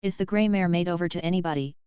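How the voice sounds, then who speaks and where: A woman's voice: fairly low pitch, fast talker, clear, resonant tone, dry recording, highs cut off, natural voice. Female reader playing a grave elderly coachman with old dialect speech; dry, clean sound. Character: grave elderly male coachman, plain-spoken.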